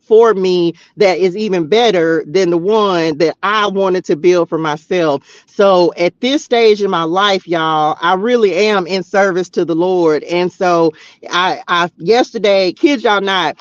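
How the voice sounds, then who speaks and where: A high-pitched man talks straight to the camera in a chatty, exclamatory way, calling out to his viewers as he reads the cards. The sound is dry and close, with a dull, slightly lo-fi quality. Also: a little slow, dry recording. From Texas, US. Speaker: spiritual tarot vlogger. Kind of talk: casual spiritual message to viewers.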